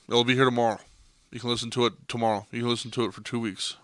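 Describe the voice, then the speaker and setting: A man's voice: mid-range voice, steady tone, racing, bright, forceful tone, no echo, clean studio sound. A young man hosting a podcast, delivering an intense monologue that swears freely and hammers points home by repeating them. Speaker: podcast host.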